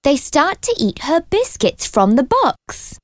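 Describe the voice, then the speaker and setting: Slow, expressive woman storybook narrator. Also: high-pitched, no echo, studio quality. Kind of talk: reading a children's storybook aloud.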